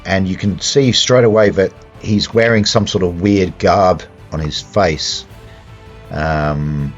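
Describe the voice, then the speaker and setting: A man narrating a tabletop horror game as game master, speaking haltingly with many fillers and restarts. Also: low-pitched. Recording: dull lo-fi sound with faint music.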